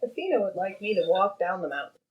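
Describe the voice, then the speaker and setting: A woman's voice: mid-range voice, big pitch swings, quick pace, highs cut off. A woman playing a tabletop game, making dry wisecracks. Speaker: player. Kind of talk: casual tabletop play.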